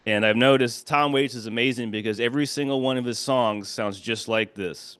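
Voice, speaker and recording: A man doing a deadpan stand-up set at a small cafe open mic. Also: mid-range voice, brisk, few pauses, smooth, no room sound, clean studio sound. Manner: deadpan, mock phone call, self-deprecating. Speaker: stand-up comedian.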